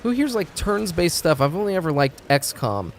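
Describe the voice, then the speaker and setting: This game streamer sounds very animated, his fairly high voice moving at normal speed over soft background music. He rambles and curses in casual live-stream chat, stumbling and restarting sentences as he goes.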